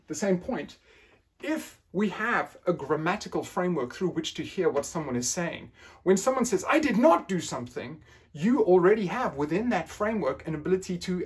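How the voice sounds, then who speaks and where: A male lecturer explaining ideas in an academic style. His pitch moves a lot and keeps the delivery lively. He plays with the phrasing, turning quoted statements into rising questions. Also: breathy edge.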